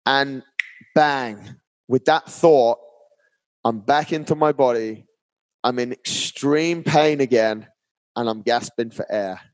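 A man speaking as a podcast guest, telling a personal story in a chatty, animated way, often saying "mate". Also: medium pitch, slow, long pauses, no room sound. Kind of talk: casual storytelling.

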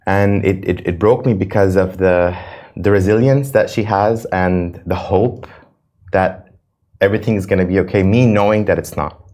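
A man's voice: low voice, moderate pace, darkish tone. A young man from the United States, answering interview questions earnestly and emotionally, often repeating himself. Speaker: reality show cast member, guest.

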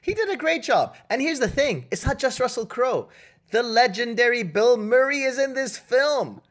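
A man co-hosting a comedy podcast where he argues movies with mock outrage. His pitch swings widely as he rants, and he keeps jabbing at the listener with "okay?" and "all right?". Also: big pitch swings, normal speed. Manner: loud, mock-indignant, keeps tagging lines with "okay?". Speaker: podcast co-host.

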